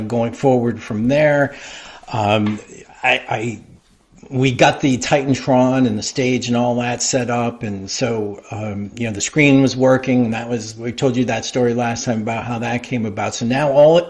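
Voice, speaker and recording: A middle-aged man, a guest in an interview, telling long stories in a loose, animated way full of fillers. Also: medium pitch, moderate pace. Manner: rambling, animated anecdote telling with many fillers. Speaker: interview guest, wrestling creative. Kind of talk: casual storytelling interview.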